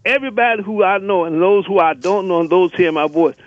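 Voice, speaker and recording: A man's voice: high voice, fast, no echo. Fiery male caller on a tinny phone line. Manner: fiery, emphatic, repeats rallying lists. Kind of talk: impassioned radio call-in rant. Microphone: telephone.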